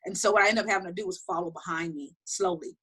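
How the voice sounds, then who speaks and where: A middle-aged woman telling personal stories in an interview, talking quickly and animatedly with many restarts. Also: lowish voice, breathy edge. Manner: fast, animated storytelling with frequent restarts. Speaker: interview guest. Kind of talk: candid personal storytelling.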